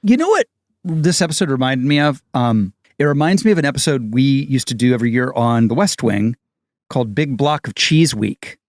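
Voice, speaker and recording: A man's voice: medium pitch, expressive, normal speed, no echo, clean studio sound. A man co-hosting a podcast in casual chat, gushing with exclamatory enthusiasm. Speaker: podcast co-host.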